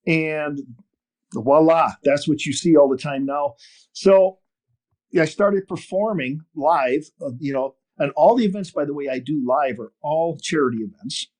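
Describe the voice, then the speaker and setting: An older man from northern Wisconsin telling a long story in an interview, animated and full of restarts. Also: on the high side, measured pace. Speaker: podcast guest, fishing TV host. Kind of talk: storytelling interview over a call.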